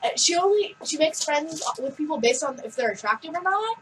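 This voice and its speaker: A teenage girl chatting casually on a vlog, giggly and animated as she tells stories. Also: sits high, fairly quick, far from the mic, background noise. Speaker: vlog co-host. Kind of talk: casual chat.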